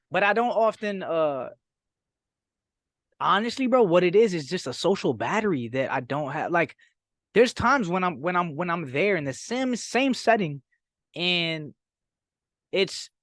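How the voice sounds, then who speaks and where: A man talking casually as a podcast guest, halting and searching for words with casual slang. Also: fairly high pitch, a bit bright, dry recording, studio quality. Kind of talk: casual chat.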